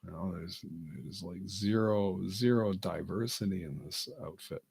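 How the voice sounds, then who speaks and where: Deep, husky man; slow, halting comic rambler. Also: a little mellow. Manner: halting, self-amused, lots of fillers and restarts. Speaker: vlogger.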